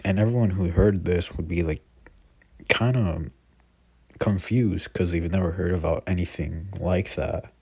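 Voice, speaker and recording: Low, husky young man telling a fan story. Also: fairly even intonation, unhurried, mellow. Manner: rambling, lots of fillers and self-corrections. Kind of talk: casual improvised storytelling.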